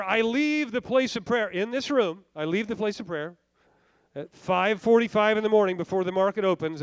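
Fervent high-voiced male preacher. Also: normal speed, a bit bright, clean tone, no room sound. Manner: fervent, self-deprecating preaching with repeated phrases. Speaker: pastor. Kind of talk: sermon.

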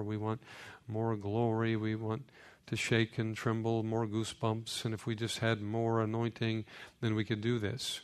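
A man preaching a sermon on a radio program, slow and emphatic with many pauses. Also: fairly low pitch.

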